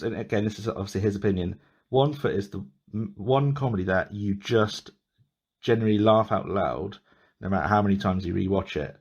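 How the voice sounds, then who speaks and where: A man's voice: lowish voice, expressive, moderate pace, darkish tone, husky, dull audio. A man hosting a podcast, chatting casually and rambling with many restarts and small laughs. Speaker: podcast host. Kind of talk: casual chat.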